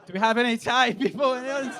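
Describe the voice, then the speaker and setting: A man performs stand-up on a comedy club stage in a fairly high voice. He swears freely and keeps jumping into quick impressions of the people in his stories. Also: noisy background. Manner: swearing, quick act-outs of other voices.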